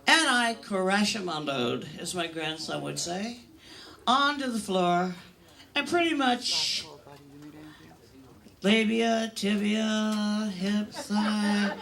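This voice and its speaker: A woman's voice: mid-range voice, extremely slow, vocal fry, pauses often, fairly bright tone. An older woman performing a stand-up comedy routine on a comedy club stage, telling bawdy, self-mocking stories in a brash way.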